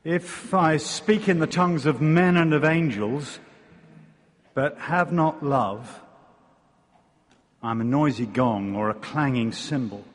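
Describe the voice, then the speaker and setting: A man with an English accent preaching a sermon, wry in his asides and slow and deliberate when he reads scripture. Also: on the high side, long reverb tail. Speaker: visiting preacher. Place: church.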